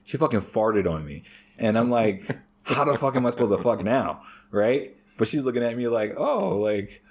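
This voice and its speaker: A man chatting casually as a podcast guest, swearing heavily and telling crude stories in an animated way. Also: mid-range voice, normal speed, slight background noise. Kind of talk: casual chat.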